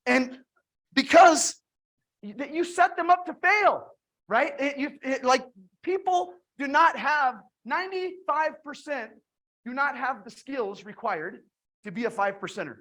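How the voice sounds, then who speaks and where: A woman's voice: high voice, a little slow. A woman giving a motivational direct-sales talk, retelling her conversations with lots of restarts and repeated words. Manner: energetic storytelling with frequent restarts.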